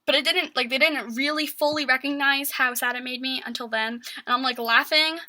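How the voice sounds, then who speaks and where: High bright-voiced teen girl, rambling. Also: fairly even intonation, brisk, no echo, poor audio. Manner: rambling, filler-heavy with constant "like". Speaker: vlogger. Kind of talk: casual storytelling vlog.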